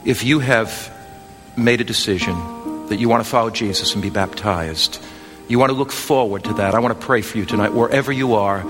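A man preaching an evangelistic sermon, swinging from impassioned near-shouts to a hushed, gentle altar call. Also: on the low side, a little fast, long reverb tail, over loud music.

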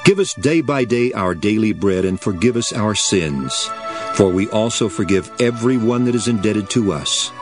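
A man reading a calm, solemn teacher. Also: fairly low pitch, normal speed, music in the background, pitched below the performer's own voice, natural voice. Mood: teaching.

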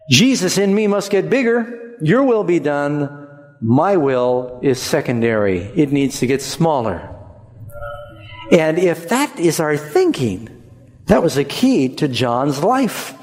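A man preaching a sermon in an animated, conversational way, jumping up in pitch for emphasis. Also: big-room sound.

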